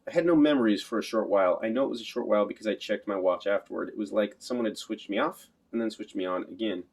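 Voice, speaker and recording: A man reads a first-person audiobook in a literal, matter-of-fact manner. His voice is low and he moves quickly through the sentences. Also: creaky, a little mellow. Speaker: audiobook narrator. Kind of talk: scripted first-person narration.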